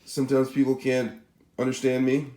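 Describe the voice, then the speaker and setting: A man's voice: medium pitch, monotone, moderate pace, dark tone, echoey room. A man with a Spanish accent giving a casual step-by-step cooking demonstration, often checking in with "all right?" and "okay?". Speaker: cooking channel host.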